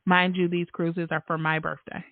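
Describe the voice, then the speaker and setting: A woman hosting a casual podcast, an animated storyteller who laughs often and acts out the voices of the people in her stories. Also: on the low side, normal speed, no room sound. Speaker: podcast host. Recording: tinny phone-like line, dry.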